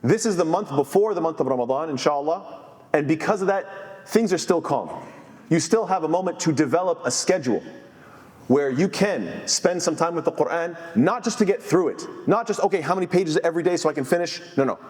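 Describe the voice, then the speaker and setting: Earnest male imam preaching, slightly high-pitched, in a reverberant masjid hall. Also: lively intonation, fairly quick, darkish tone. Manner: earnest, quotes Arabic scholars then translates. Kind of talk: sermon.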